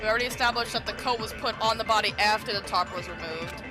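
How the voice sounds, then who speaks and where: A woman's voice: medium pitch, fast talker, over music. A woman streamer giving casual gaming commentary in brash, profane, playfully spiteful rants.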